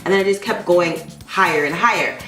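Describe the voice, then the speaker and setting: A woman vlogging to her channel, telling the story of her day in a lively, animated way, with sarcastic asides and a pep talk to herself. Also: on the low side, a little fast. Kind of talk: casual vlog monologue. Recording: roomy echo with faint background music.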